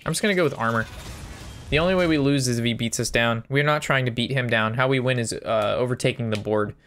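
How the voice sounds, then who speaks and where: A man's voice: mid-range voice, fast talker, fairly bright tone, slight background noise. A man giving casual gameplay commentary, thinking through his moves aloud and sometimes breaking into a sweary rant. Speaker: game streamer.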